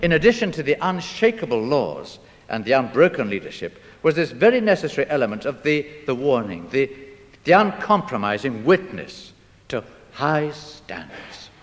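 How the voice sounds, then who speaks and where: A man's voice: mid-range voice, sing-song, normal speed, long reverb tail. A man preaching a sermon, quoting scripture and pressing his point with rhetorical questions and dramatic delivery.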